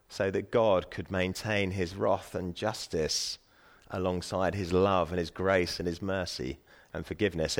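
Earnest man preaching a sermon. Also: fairly low pitch. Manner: earnest, emphatic preaching with frequent restarts. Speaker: pastor.

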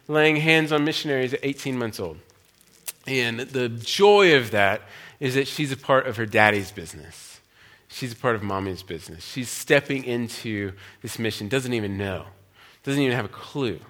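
A man in his thirties, a pastor and missionary, telling a personal testimony to a church with a relaxed, chatty delivery full of fillers and restarts. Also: fairly high pitch. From United States. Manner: conversational storytelling, frequent fillers and restarts.

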